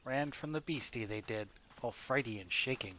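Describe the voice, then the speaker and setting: A man's voice: medium pitch, moderate pace, bright, forceful tone, a little hiss or hum, close to an everyday voice. A man voicing a sly, cringing male birdman scout who speaks with backwards word order. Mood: wheedling.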